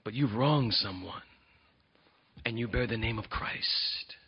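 A man preaching a sermon as pastor, earnest, moving between quiet and emphatic delivery. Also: lowish voice, slow pace, breathy edge. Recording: dull lo-fi sound.

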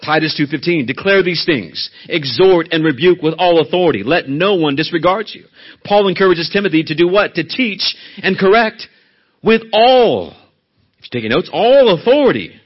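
A church elder delivers a sermon in a fairly high, brisk voice on a lo-fi recording. He hammers key words with loud stresses, then sinks to a soft near-whisper.

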